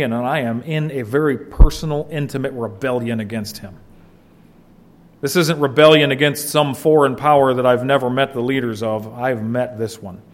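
A man voicing a defiant demon, speaking low, slow and quiet with contempt. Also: close to an everyday voice. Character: defiant male demon, scornful of its creator.

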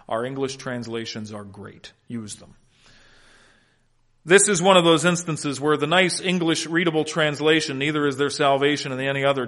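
A pastor delivers a sermon, moving between loud, forceful points and quieter asides while explaining the Greek wording like a teacher. His voice sits on the high side.

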